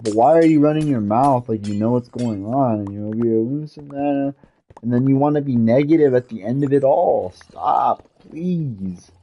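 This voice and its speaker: A man rants on a casual game stream, frustrated and repeating himself as he vents. His voice sits in a middle pitch. The mic sounds a little dull and lo-fi. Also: animated, normal speed, hardly any pauses, dark tone, husky. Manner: frustrated ranting, repetitive, swears mildly. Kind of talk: casual gaming stream rant.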